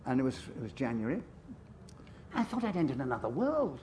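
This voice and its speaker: A man's voice: medium pitch, wildly swooping pitch, a little fast, darkish tone, slight background noise. An older man with an English upper-class accent, a guest author telling anecdotes on stage in a chatty, self-amused way with frequent asides. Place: festival stage.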